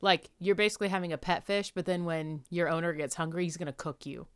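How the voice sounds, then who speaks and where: A woman's voice: fairly low pitch, steady tone, fast talker, clear, resonant tone. A woman in her thirties co-hosting a casual podcast chat, blunt and teasing, laughing often. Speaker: podcast co-host.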